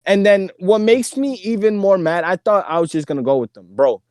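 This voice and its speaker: Young male podcast host, casual and slangy, lively storyteller with a slightly high voice, dry close mic. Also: moderate pace, no echo. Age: young adult. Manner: animated storyteller, laughing, slangy.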